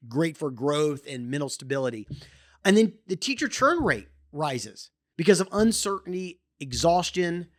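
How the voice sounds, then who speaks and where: Impassioned podcast host, lively pitch. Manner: impassioned, gets worked up, many restarts and repeated words. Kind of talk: opinionated podcast monologue.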